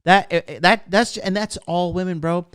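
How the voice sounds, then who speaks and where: A man's voice: high voice, steady tone, moderate pace, a bit bright, clean tone, no room sound, studio quality. A young man hosting a casual livestream as a dating coach, brash and profane as he lectures and reads comments.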